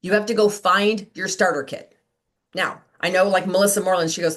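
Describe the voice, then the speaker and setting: A woman's voice: on the low side, fast talker. Chatty woman leading a sales call. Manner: chatty, animated, acts out quoted voices. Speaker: sales director hosting a team call. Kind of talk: motivational team call.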